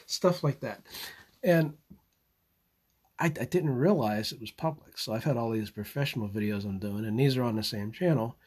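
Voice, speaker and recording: A man rambles live to his channel, stopping and restarting his sentences and repeating words as he gathers his thoughts. He chuckles now and then and keeps his tone easy and unscripted. His voice sits at a middling pitch. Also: moderate pace, a little mellow, slightly rough. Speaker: channel host. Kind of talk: casual live monologue.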